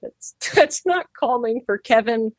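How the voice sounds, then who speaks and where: A woman's voice: on the high side, measured pace, dry recording. Chatty woman pig trimmer, dry sound. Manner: animated, acts out quoted voices, laughs easily. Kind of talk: casual interview talk.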